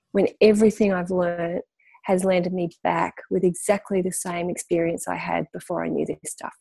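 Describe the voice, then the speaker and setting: Gravelly, warm-voiced woman coach. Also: lowish voice, level tone, normal speed, no echo. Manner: passionate, emphatic, repeats phrases for stress. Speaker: guest, spiritual coach. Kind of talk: candid podcast interview.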